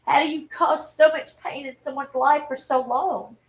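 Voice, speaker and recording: A woman, telling a personal story in a halting, earnest and openly emotional way on a livestream. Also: sits high, fairly even intonation, poor audio. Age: 40s. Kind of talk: candid personal livestream talk.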